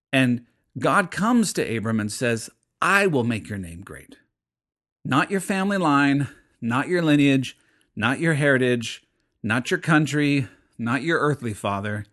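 A man's voice: mid-range voice, a bit bright. A middle-aged man preaching a sermon in an earnest, explaining way, with frequent fillers and restarts. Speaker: pastor.

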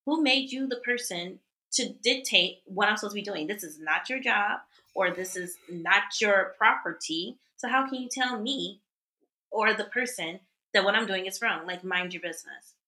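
A woman co-hosting a podcast, talking in a casual, blunt way and swearing freely. Her voice is bright and forceful, and she lays out her opinions with emphasis. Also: mid-range voice, normal speed. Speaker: podcast co-host. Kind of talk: casual chat.

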